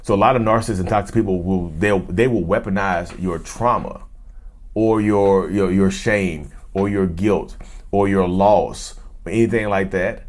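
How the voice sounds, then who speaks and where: A man with a fairly low voice talks straight to his viewers in a loose, animated way. He repeats words and phrases as he builds his point. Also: moderate pace. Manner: animated, repetitive, addresses viewers as y'all. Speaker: host. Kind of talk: casual talk to camera.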